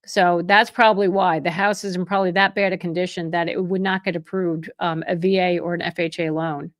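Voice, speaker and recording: A woman's voice: lowish voice, level tone, brisk. Chatty real estate agent woman on a livestream. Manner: chatty and conversational, with frequent restarts and self-corrections; openly emotional and effusive toward viewers. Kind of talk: livestream Q&A answering viewer chat.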